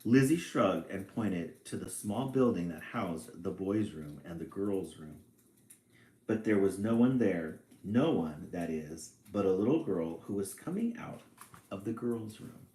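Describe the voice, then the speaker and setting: A man reading a children's picture book aloud, with relaxed, chatty asides between passages. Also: low-pitched, unhurried. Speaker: storybook reader. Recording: echoey room.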